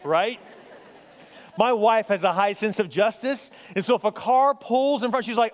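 A male pastor with a very high voice tells stories from the pulpit and keeps asking his listeners questions. His speech is conversational. It rings out with a long reverb, as in a large church hall. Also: moderate pace, smooth. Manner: storytelling, conversational, asks the crowd questions. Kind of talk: sermon.

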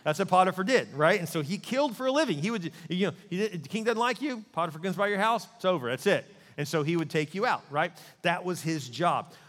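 A male pastor preaching a sermon, telling the story in an animated, joking way. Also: high voice, quick pace, few pauses, in a large hall.

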